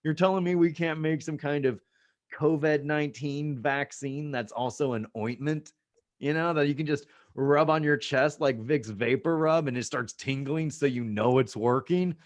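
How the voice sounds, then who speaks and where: A young man does a loose, sarcastic stand-up set over a video call, full of asides and banter. His voice is a little high and his pace moderate.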